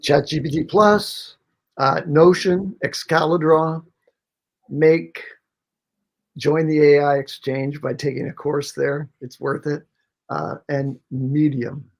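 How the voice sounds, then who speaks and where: Hesitant man with a gravelly voice. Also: a little high, fairly even intonation, slow. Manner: hesitant, with many false starts. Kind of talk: casual panel chat.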